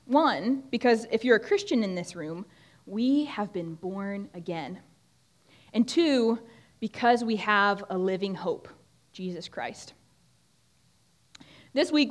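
A young woman giving a conversational Bible talk to a group, often restarting her sentences. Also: fairly high pitch. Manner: conversational, with frequent restarts and fillers. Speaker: student ministry speaker. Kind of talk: sermon-style Bible teaching. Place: room with a group of listeners.

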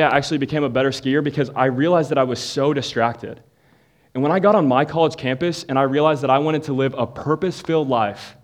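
A young man telling a playful comic story as a youth speaker before shifting into a sermon for a live audience. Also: medium pitch.

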